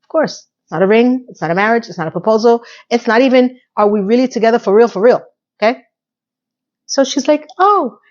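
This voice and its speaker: A woman's voice: a little high, a little fast, darkish tone, highs cut off. A woman casually recapping a TV episode, chatty and full of opinionated asides.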